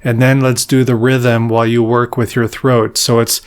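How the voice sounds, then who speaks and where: A man's voice: mid-range voice, level tone, normal speed, few pauses, clear, resonant tone. Man teaching jaw harp step by step. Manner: patient, step-by-step explaining; self-deprecating about his playing. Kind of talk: instructional tutorial.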